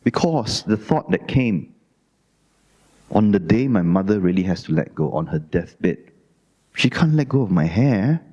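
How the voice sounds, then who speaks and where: A middle-aged Malaysian man with a Malaysian English accent, giving a Dhamma talk as an animated, self-mocking storyteller. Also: lowish voice, measured pace, long reverb tail, muffled recording. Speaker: Dhamma speaker. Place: Buddhist society hall.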